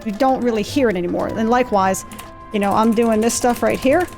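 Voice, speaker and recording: A woman with a fairly high voice talks through her gameplay in a loose, rambling way, poking fun at herself as she goes. She speaks into a desk mic at home. Soft game music and the clack of a mechanical keyboard sit faintly under her voice. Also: fairly quick, gravelly. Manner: chatty and self-deprecating, easily sidetracked. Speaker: let's play host. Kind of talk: casual gameplay commentary. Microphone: desk mic with gain turned down in software. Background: faint game music and clicky mechanical keyboard.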